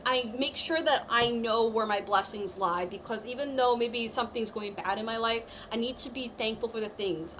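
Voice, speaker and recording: A woman's voice: on the high side, bright, forceful tone, a little hiss or hum, low-quality recording. Chatty woman giving a tarot reading. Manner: chatty, reassuring, full of "like" and "I feel like". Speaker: tarot reader. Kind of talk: live-stream tarot reading.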